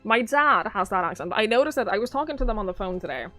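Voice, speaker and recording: This young southern Norwegian streamer has a medium-pitched, slightly bright voice and talks animatedly at a quick pace. She rambles through a relaxed chat with viewers, laughing often. Faint music sits in the background.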